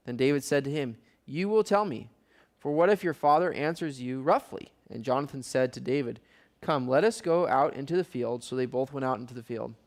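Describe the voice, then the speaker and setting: A man of medium pitch leads a Bible study, reading scripture out loud before explaining it. His manner is relaxed and conversational, sprinkled with wry asides.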